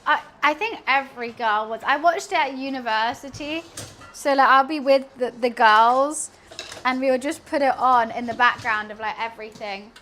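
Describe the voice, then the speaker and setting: A woman's voice: high-pitched, normal speed, sharp tone, slight background noise. A young woman chatting casually while cleaning and cooking in her home kitchen, rambling and humming to herself. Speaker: streamer.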